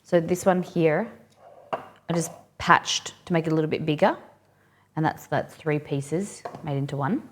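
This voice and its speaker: Woman, cooking stream host, casual live demo, thinks aloud, rambling asides, lowish voice. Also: a little slow, a little hiss or hum.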